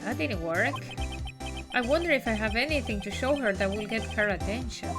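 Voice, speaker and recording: A chatty woman streamer talking to viewers during a live game stream, with a high, lively voice. She tosses off amused asides between bits of dialogue. Game music plays behind her. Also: normal speed.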